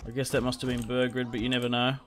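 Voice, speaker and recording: A young man talks through a strategy game in a loose, chatty way, muttering commands at his units as he goes. His voice sits at an ordinary middle pitch, and faint keyboard clicks tick away behind him. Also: completely flat delivery, quick pace, fairly bright tone, a little hiss or hum. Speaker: gaming video creator. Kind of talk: casual gameplay commentary.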